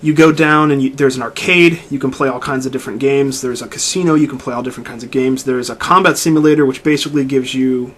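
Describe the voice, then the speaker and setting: A man's voice: mid-range voice, quick pace, few pauses. A man co-hosting a podcast, chatting casually and retelling a video game at length with lots of restarts. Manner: rambling, animated retelling of a game. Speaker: podcast co-host. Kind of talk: casual chat.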